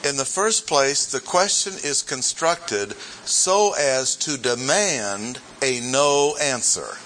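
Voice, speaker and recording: Slow, emphatic man teaching scripture. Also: mid-range voice, fairly bright tone, slight background noise, low-quality recording. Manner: emphatic, deliberate, repeats key points. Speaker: Bible teacher. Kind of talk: verse-by-verse Bible teaching.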